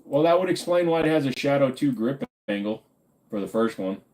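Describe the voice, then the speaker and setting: A man's voice: mid-range voice, expressive, a little fast, a little mellow. A man hosting a casual livestream, reading chat questions aloud and answering them in an offhand, joking way. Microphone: desk microphone.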